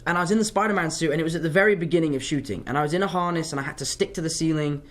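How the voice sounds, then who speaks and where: A young man chats through fan questions in a loose, rambling way, drifting off topic as he tells stories. His voice sits a little higher than most men's. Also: very fast, a bit bright. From London, England. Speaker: actor answering fan questions. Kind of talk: casual livestream Q&A.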